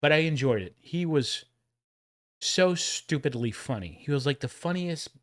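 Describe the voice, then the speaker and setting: A man's voice: a little high, animated, moderate pace. A man in his forties with a Texan accent, hosting a casual livestream and rambling as he reacts to old commercials. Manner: rambling, chatty, laughs at his own jokes.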